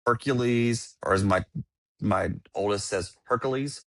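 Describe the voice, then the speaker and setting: A man's voice: on the low side, expressive, normal speed, a bit bright. A man in his thirties, co-hosting a podcast, chatting enthusiastically and rambling. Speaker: podcast co-host. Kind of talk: casual chat.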